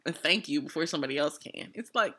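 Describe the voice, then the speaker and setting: A woman's voice: low voice, lively intonation, quick pace, fairly bright tone, slightly rough. A young woman co-hosting a podcast in casual chat, dry and teasing, laughing easily. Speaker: podcast co-host.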